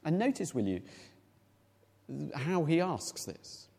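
This sermon comes from a male preacher whose high, lively voice swoops up and down as he explains the Bible conversationally, tossing out rhetorical questions at a slow pace. Long reverb makes it sound like a large church hall.

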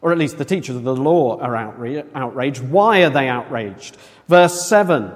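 A man preaching a sermon in a conversational, animated way, acting out quoted voices. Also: mid-range voice, normal speed. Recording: long echo of a large hall.

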